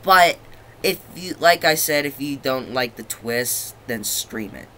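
A young man talks through his review in a bright, forceful voice, rambling and swearing as he goes. He keeps losing his train of thought. A faint hiss of background noise sits under his voice. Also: mid-range voice, lively intonation, unhurried. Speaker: movie reviewer. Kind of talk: casual video review.

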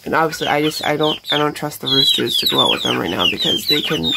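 A woman's voice: low-pitched, expressive, fast talker, gravelly. A middle-aged woman chatting casually in a vlog as she tends her backyard chickens, rambling and talking to the birds. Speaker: backyard chicken keeper and vlogger. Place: outdoors at a backyard chicken coop. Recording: loud outdoor farm noise. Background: chickens clucking and roosters crowing.

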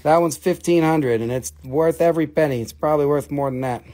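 A man selling minerals on a live stream, talking casually and excitably to viewers, swearing and joking as he shows each piece. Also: on the high side, a little fast. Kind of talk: casual live-sale patter.

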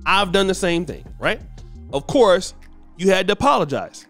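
A man with a high, animated voice gives casual commentary, emphatic and preachy, often repeating himself. Faint music plays behind him. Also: moderate pace. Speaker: commentary host.

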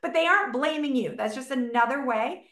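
A woman's voice: high voice, fairly quick, fairly bright tone. A middle-aged woman, a relationship coach giving an informal, chatty masterclass and often slipping into little acted-out dialogues. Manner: chatty, filler-heavy, acts out little dialogues. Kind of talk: informal teaching talk. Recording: echoey room.

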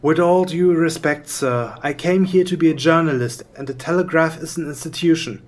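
A man's voice: fairly high pitch, normal speed, soft background music, lightly acted. A man playing an earnest, pleading young trainee reporter in a live puppet show.

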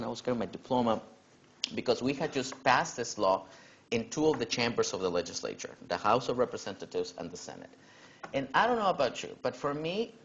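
A young man giving a keynote talk, telling a personal story in a casual way, full of "you know" and lively quoted dialogue. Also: medium pitch, muffled recording. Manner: casual, animated when quoting others, frequent "you know". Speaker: keynote speaker.

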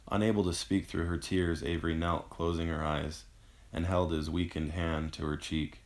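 A man narrating his own novel in a measured, somber audiobook reading. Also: low voice, little pitch movement. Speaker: author and narrator.

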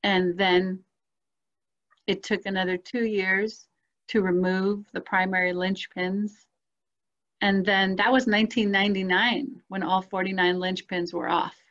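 A woman telling her own life story in a casual conversation, animated and expressive, acting out the voices she quotes and laughing often. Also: medium pitch, measured pace. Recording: dull lo-fi sound.

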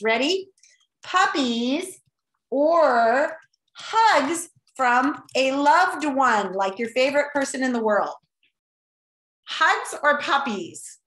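A woman teacher running a playful class vote on a video call, animated, exclaiming and laughing often. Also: high voice, echoey room.

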